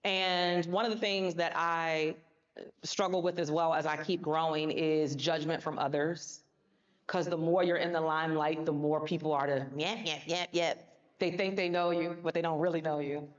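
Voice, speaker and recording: A woman's voice: deep voice, steady tone, moderate pace, dull audio. A woman giving a motivational speech on a conference stage, emphatic and colloquial, talking straight to the audience. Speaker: motivational speaker.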